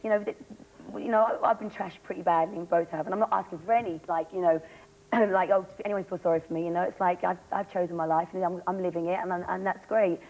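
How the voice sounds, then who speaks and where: An actress being interviewed on a talk show, rambling and giggly, with a slightly hoarse voice. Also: female voice, fairly low pitch, fairly even intonation, a little mellow, low-quality recording. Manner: rambling, giggly, fast storyteller. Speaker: guest actress.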